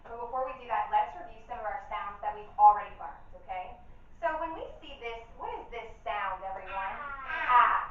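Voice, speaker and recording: A woman teaching phonics to young children in a classroom, leading lively call-and-response drills. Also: a little high, a little fast. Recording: echoey, distant, dull classroom recording.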